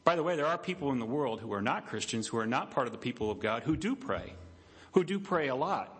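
A pastor preaching to his church in an animated, conversational way. His voice sits at a middle pitch for a man and drops low and soft to stress a point. He acts out the quoted voices with big leaps in pitch. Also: fast talker. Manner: drops low and quiet for emphasis. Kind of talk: sermon. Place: church sanctuary.

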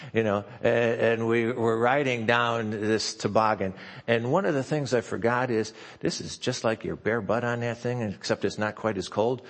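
A man's voice: mid-range voice, gravelly, husky. An older man preaching a sermon as the pastor, telling a family story with many fillers and restarts. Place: church sanctuary. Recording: long church hall reverb.

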